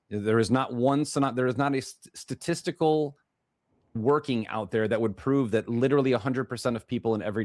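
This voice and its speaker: Chicago guy hosting a talk show, lowish voice, dry close sound, kinda rambly. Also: darkish tone, no room sound. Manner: rambling, repeats himself and restarts phrases. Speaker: podcast host. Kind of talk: casual monologue introducing a guest.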